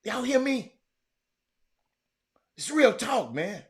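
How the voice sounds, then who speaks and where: Animated high-voiced man ranting. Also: slow pace. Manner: animated, exasperated, hollering. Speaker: host. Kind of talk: ranting monologue.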